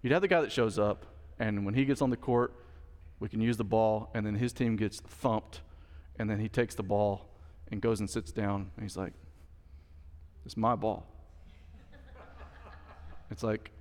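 A man's voice: fairly low pitch, fairly even intonation, moderate pace, darkish tone, long reverb tail. A male pastor preaching a sermon in a conversational style, with asides to the congregation. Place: church sanctuary.

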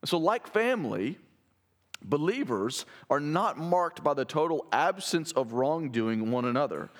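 A man's voice: a little high, big pitch swings, unhurried. A man preaching a sermon in a conversational way, asking his listeners rhetorical questions. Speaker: pastor.

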